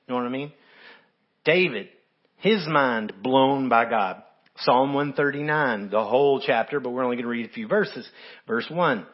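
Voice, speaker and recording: A man preaching a sermon, emphatic, his voice climbing high and loud as he quotes scripture. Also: breathy edge, highs cut off. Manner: emphatic, rises sharply when quoting scripture. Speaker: pastor.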